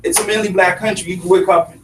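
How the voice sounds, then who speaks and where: A man's voice: sits high, fairly even intonation, fast. French-accented guy being interviewed, emphatic, keeps repeating himself, mic kinda far, echoey room. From Congo. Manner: passionate, emphatic, repeats phrases. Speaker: guest activist. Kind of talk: earnest conversational interview. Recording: roomy, distant mic, faint hum.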